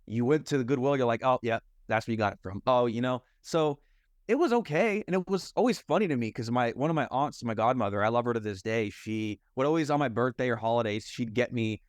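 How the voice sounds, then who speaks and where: A man's voice: medium pitch, animated, brisk, dry recording, studio quality. Candid young man telling his story. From United States. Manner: candid, rambling, heavy on "like" and "you know". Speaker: guest, mindset and fitness coach. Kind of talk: personal storytelling in a podcast conversation.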